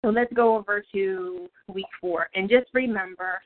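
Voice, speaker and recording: A woman leads a Bible study over a tinny phone line, talking in a loose, chatty way and breaking into laughter between points. Her voice sits at an ordinary middle pitch. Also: fairly even intonation, moderate pace. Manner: chatty, laughs often, self-interrupting. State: out of breath. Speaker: prayer call leader. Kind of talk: casual Bible study talk. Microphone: phone call.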